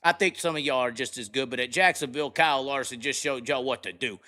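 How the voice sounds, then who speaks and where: A man's voice: mid-range voice, fast. A man hosting a live racing talk show, ranting brashly and cursing as he breaks down results. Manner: brash, profane, excitable rants. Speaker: podcast host. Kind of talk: casual live show commentary.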